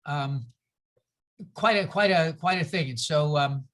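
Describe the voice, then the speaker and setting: A man's voice: fairly high pitch, a little slow, a bit bright. A man leading a group discussion over a video call, telling a personal story earnestly and rambling with many restarts.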